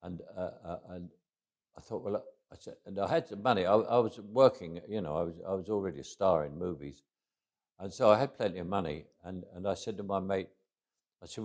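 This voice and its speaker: A man's voice: low voice, a little fast, a little mellow. A man, telling anecdotes in an interview. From England. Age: 80s. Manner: anecdotal, with frequent restarts and chuckles. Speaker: guest. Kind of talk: storytelling interview.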